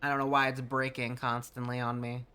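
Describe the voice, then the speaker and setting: A man's voice: mid-range voice, completely flat delivery, a little fast, pushed and bright, clear, resonant tone. A man from Tennessee chatting casually with viewers while playing a game, rambling and easily sidetracked. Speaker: streamer. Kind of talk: casual live-stream chat while gaming.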